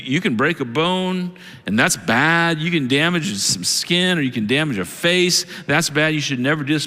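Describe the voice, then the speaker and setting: Man, pastor, sermon, lively swinging delivery, bright tone, long church-hall reverb. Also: fairly high pitch. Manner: acts out quoted excuses in animated voices.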